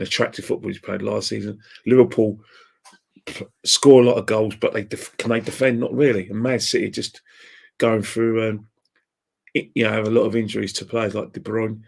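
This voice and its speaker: A football fan guesting on a podcast talks casually, rambling and opinionated, and laughs at his own jokes. His voice is lowish and slightly rough, with vocal fry.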